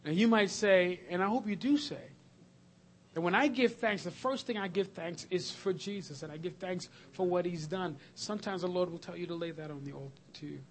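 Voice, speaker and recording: A man preaching a sermon, swinging between loud, emphatic lists and hushed, slow passages. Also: sits high, a little hiss or hum.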